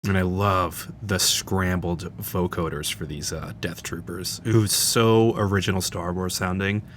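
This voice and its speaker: Deep-voiced man chatting through a film. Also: steady tone, unhurried, fairly bright tone, a little hiss or hum. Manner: chatty, enthusiastic fan, frequent fillers. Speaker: channel host. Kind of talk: casual film audio commentary.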